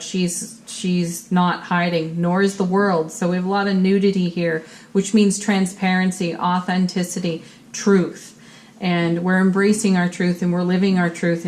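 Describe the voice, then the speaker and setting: A woman's voice: lowish voice, a little mellow. Upbeat woman giving a tarot reading. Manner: upbeat and encouraging, with spiritual phrasing. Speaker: tarot reader. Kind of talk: monthly tarot reading for viewers.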